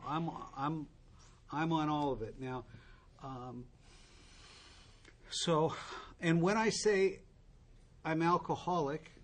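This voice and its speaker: Candid man telling his recovery story. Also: on the high side. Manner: candid, wry storytelling with asides to the listeners. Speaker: recovery speaker.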